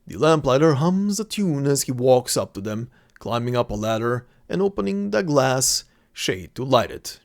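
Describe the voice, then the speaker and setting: A man giving calm, descriptive scripted narration for an audio drama. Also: medium pitch, normal speed, hardly any pauses.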